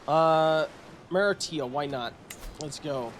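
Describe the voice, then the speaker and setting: A man's voice: fairly high pitch, lively intonation, moderate pace, a little hiss or hum, rough recording. A man streaming a strategy game, reading event text aloud and adding joking, sarcastic commentary.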